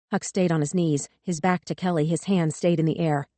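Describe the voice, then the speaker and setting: A woman narrating a thriller audiobook in a measured, tense way. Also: low voice, fairly even intonation, warm tone, dry recording. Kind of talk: scripted narration.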